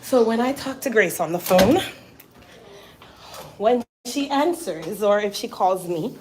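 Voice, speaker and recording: A woman's voice: mid-range voice, lively intonation, a little slow, noisy background. Teasing woman host, slangy banter. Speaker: hair care channel host. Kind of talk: casual chat to viewers.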